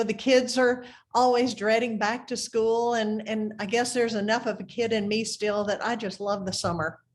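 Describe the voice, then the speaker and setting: Chatty Southern woman hosting, high-pitched. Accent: Southern US, Mississippi. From Mississippi. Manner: chatty, effusive, uses "y'all". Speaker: program host. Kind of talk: friendly community program introduction.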